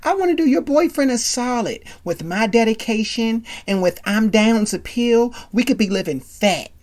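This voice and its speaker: A schmoozing young hustler laying on flowery charm, as a woman puts him on. The delivery swoops in lively turns. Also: a little high, moderate pace, voice pushed up, natural voice. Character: smooth-talking young male hustler promoter.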